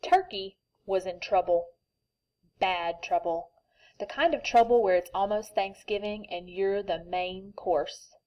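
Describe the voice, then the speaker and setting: Animated woman reading to kindergarten. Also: mid-range voice, unhurried, muffled recording. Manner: animated, asks the children questions. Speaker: kindergarten teacher. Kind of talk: reading a picture book aloud to young children.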